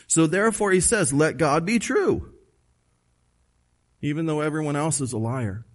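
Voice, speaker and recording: Male pastor, slightly higher voice, emphatic conversational preaching, checks in with the listeners. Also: normal speed. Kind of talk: sermon.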